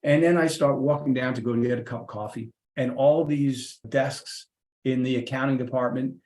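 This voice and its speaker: A middle-aged man tells a workplace story with lively energy, acting out the people in it. His voice sits in the middle of the male range. The room around him has a noticeable echo. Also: mid-range voice, normal speed. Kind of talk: casual anecdotal storytelling. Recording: roomy echoey room.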